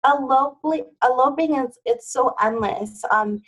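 A woman guest on a podcast talks in a loose, easy way, dropping "like" into nearly every phrase. Her voice sits a little high and has a gravelly edge of fry. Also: unhurried, a bit bright, rough recording. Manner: chatty, with many "like" fillers. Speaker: wedding planner, podcast guest. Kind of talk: casual interview chat.

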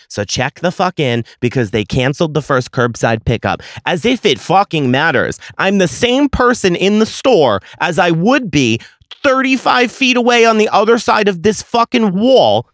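A man hosting a podcast, telling a story as an exasperated, profane rant that swings from low muttering to loud outbursts. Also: no echo, studio quality. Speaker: podcast host. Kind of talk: ranting storytelling.

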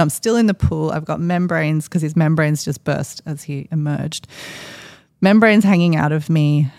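A woman's voice: deep voice, vocal fry, darkish tone, no echo, clean studio sound. A woman, a podcast guest, telling a personal story in a chatty, rambling way with lots of fillers. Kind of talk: casual storytelling.

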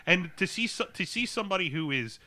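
A man talks through a film in loose, casual podcast banter with a very bright, tense edge to his voice. He rambles, doubles back and fills gaps with "um" and "uh," and sits a touch higher than most men. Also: lively intonation, fairly quick. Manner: rambling, full of fillers and restarts. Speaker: podcast co-host. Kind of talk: casual movie review chat.

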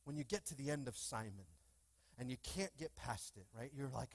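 A man preaching a lively sermon in a church, with call-and-response and playful asides to the congregation. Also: medium pitch, normal speed, breathy edge. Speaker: pastor. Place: church sanctuary.

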